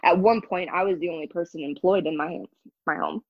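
Speaking a little fast in a lowish voice, a young woman from the United States recounts her experience as an ex-member of a church. She is a candid, emphatic guest in a casual interview. The recording has no room sound and its highs are cut off.

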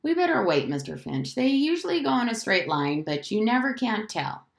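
A laconic lawman from the South, speaking in a slow, measured drawl, as a woman reads him aloud. Her voice stays lively, and the room around it is echoey. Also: fairly high pitch, creaky. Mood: cautious. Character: calm, laconic Southern sheriff man.

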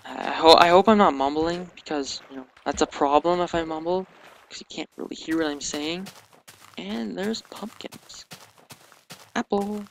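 A teenage boy giving casual, hesitant commentary over a game, talking quietly and mumbling, recorded at home on a sensitive microphone. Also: fairly high pitch, moderate pace, vocal fry. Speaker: let's play commentator. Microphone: sensitive desk microphone. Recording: noisy home mic recording.

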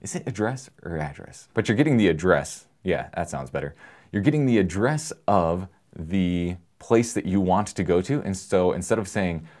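A man presenting an electronics lesson in a relaxed, joking way, explaining with everyday analogies. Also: deep voice, normal speed. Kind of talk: casual technical lesson.

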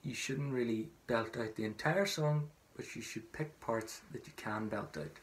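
A man teaching traditional songs, singing slow drawn-out phrases and then explaining them in quick, softer speech. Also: medium pitch, a little hiss or hum. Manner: soft, murmured asides. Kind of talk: singing lesson, call-and-response.

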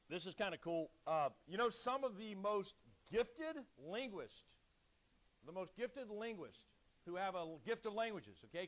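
A man preaching a sermon, urgent and exhorting, calling on the congregation to repeat lines back and clearing his throat now and then. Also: high-pitched. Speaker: pastor.

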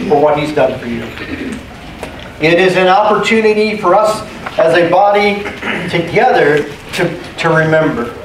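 A man's voice: sits high, noisy background. A man preaching a sermon as pastor, emphatic, repeating key phrases and calling for amens. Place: church sanctuary. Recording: echoey room, distant mic, faint ambience.

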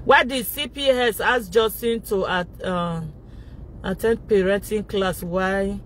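A Nigerian woman vlogging loudly from inside a car, shouting and laughing as she rants in a casual pidgin-mixed style. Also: medium pitch, takes it slowly, slight background noise. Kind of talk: loud casual vlog rant.

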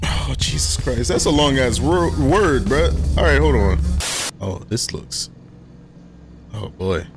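A young man hosting a casual horror game let's play, talking in loose slang and getting jumpy and excitable when startled. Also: mid-range voice, slow, music in the background. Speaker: gaming channel host.

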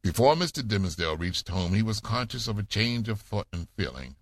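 A man narrating a classic novel summary in a measured, formal audiobook manner. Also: lowish voice, very animated, no echo.

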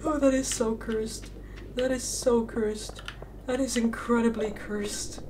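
A woman's voice: a little high, slow, slight background noise. A young woman streaming live, chatting casually with her viewers, giggling and exclaiming a lot. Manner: giggly, bursts into laughter often; excitable, frequent exclamations. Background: faint background music.

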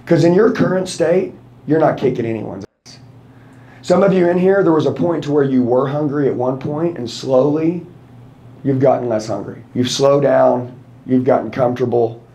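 A man's voice: medium pitch, normal speed, warm tone. A man in his thirties, a sales trainer, giving a blunt, profane, confrontational motivational talk to a room full of people. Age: 30s. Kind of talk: fired-up motivational seminar talk.

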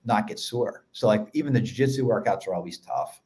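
A man with a Philadelphia accent, a podcast guest telling stories in an energetic, casual way. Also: lowish voice. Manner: energetic storyteller, quick run-on sentences. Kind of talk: casual chat.

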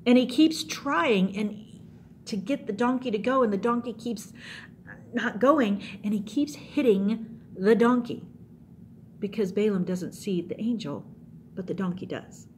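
A middle-aged woman preaching to a youth group, with an animated, storytelling delivery. Her voice sits in a middle pitch, and she acts out the scenes as she goes. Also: unhurried, slight background noise. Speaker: youth pastor. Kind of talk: youth sermon.

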